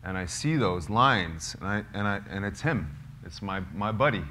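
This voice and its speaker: A man, a filmmaker, telling a true story to a small live group, halting and searching for words with many fillers. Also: lowish voice, lively intonation, sharp tone, a little hiss or hum. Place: cozy lodge hall gathering.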